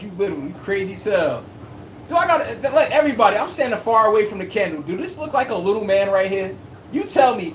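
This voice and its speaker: A man hosting a casual sports live stream, reading chat and trash-talking in a brash, playful way, recorded on a phone. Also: high-pitched. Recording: echoey room with faint hum.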